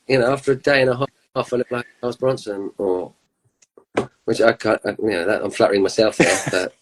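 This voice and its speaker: A man's voice: on the low side, steady tone, normal speed, poor audio. A man in his fifties, a musician guest telling rambling anecdotes in casual chat, with laughs.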